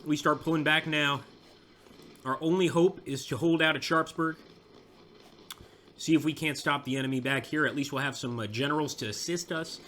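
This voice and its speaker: A young man with a Southern American drawl provides let's play commentary, narrating a battle in his strategy game as it happens. At a moderate pace, his fairly high, bright, forward voice excitedly cheers on his units, with a faint ambient hum behind him.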